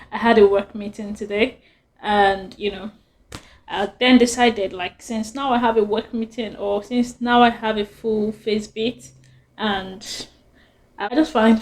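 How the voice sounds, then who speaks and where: A woman's voice: medium pitch, darkish tone. A young woman vlogger chatting casually and rambling through a storytime, often laughing.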